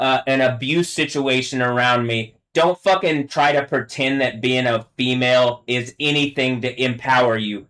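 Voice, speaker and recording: A man talking alone on a live stream in an angry, profane rant. His voice sits at an ordinary pitch for a man. He keeps stumbling and restarting, and he veers between quiet, low muttering and sudden, strained, high-pitched yelling. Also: poor audio. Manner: halting, filler-heavy, restarts often. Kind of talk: rambling solo live-stream monologue.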